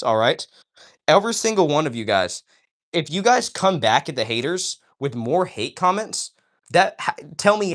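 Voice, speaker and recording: A man's voice: a little high, a bit bright. A man hosting a casual livestream, talking straight to his viewers in an enthusiastic, preachy way and often asking "all right?". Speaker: livestream host. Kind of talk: casual livestream chat, reading chat aloud.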